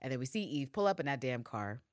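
A low-pitched woman recaps a TV episode for her podcast, swearing freely and acting out the characters' lines. Her pitch swings widely from one line to the next. The recording is dry and close. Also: fast talker, no echo. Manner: animated, profane, acts out characters' lines. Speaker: podcast co-host. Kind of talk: casual TV recap chat.

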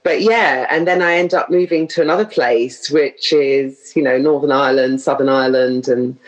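Speaking as a guest in easygoing conversation, a middle-aged woman from London, England, has a bass voice and a moderate pace, captured in a rough recording. She's talkative, laughs frequently, and keeps going off on tangents in her English accent.

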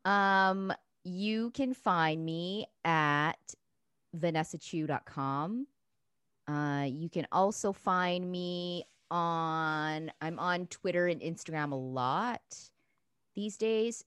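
A woman guest on a podcast, chatting casually and softly, with frequent hesitations. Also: deep voice, takes it slowly, smooth, no room sound, clean studio sound. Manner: soft-spoken, hesitant with fillers. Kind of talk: casual chat.

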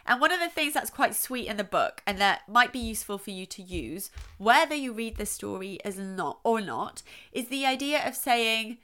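A middle-aged woman, a child psychologist, gives playful parenting advice, exaggerating her voice to demonstrate how it should sound. Her voice is a little high, animated, pushed and bright, at a moderate pace.

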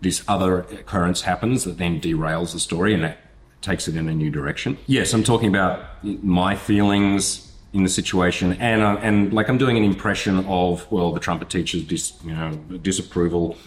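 A man teaching storytelling through a personal anecdote, animated and profane, acting out the people in it. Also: deep voice, normal speed. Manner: animated, swearing, acts out voices and moments. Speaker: storytelling coach.

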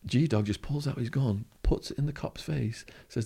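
A man's voice: medium pitch, normal speed, gravelly, warm tone, slightly rough. A man with an English accent, a podcast guest telling a vivid story and acting out the voices of the people in it. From England. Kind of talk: storytelling interview.

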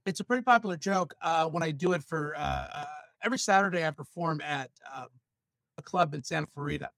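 High-voiced comedian guest, dry sound. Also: male voice, fairly quick, vocal fry, fairly bright tone, no echo. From San Fernando Valley, Los Angeles. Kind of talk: casual podcast chat.

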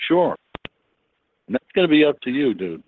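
A man's voice: medium pitch, big pitch swings, normal speed. A man calling in, pushy and talking over the host. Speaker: caller. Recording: tinny phone line with faint noise.

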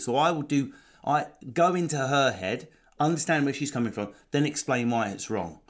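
Animated man hosting a chat. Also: moderate pace. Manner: animated, acts out quotes with big pitch jumps. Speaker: podcast host. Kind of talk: casual chat.

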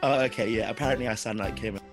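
A man with a husky voice hosting a casual podcast chat, teasing his co-host in quick banter. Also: fairly low pitch, music in the background.

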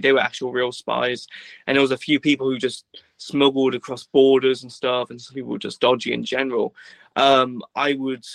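A man's voice: mid-range voice, fairly bright tone, no echo, low-quality recording. A young man from Britain telling a story as a guest in casual chat, rambling and laid-back, filling it with "like" and acted-out dialogue.

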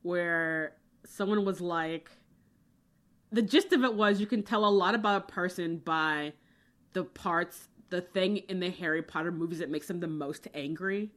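A woman's voice: on the low side, unhurried, fairly bright tone. A woman co-hosting a casual book discussion podcast, talking animatedly with laughs and exasperated rants. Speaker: podcast co-host.

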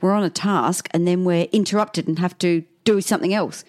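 A woman co-hosting a casual podcast, cheeky and brash, happy to swear. Her voice sits slightly low. The talk is loose and joking. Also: steady tone, brisk, darkish tone. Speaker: podcast co-host. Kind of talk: casual chat.

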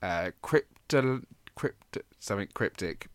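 Low-voiced man explaining casually. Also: animated, measured pace, no echo. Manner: explains history with frequent fillers and restarts. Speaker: podcast co-host.

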